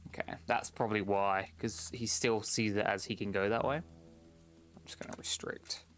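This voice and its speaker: A man's voice: lowish voice, steady tone, normal speed, fairly bright tone, soft background music. A young man casually commenting on a game during a live stream, exasperated with the characters, swearing and laughing often.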